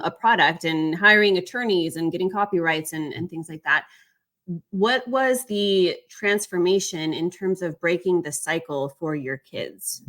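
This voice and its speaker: A woman's voice: lowish voice, a bit bright. A woman hosting an interview, enthusiastic and affirming toward her guest. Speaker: podcast host.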